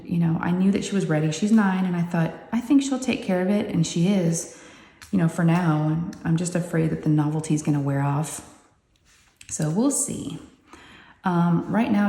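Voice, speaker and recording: Chatty woman, low and mellow. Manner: rambling and chatty, full of "you know" asides. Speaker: craft channel host. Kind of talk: casual chatty vlog storytelling. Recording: roomy echoey room.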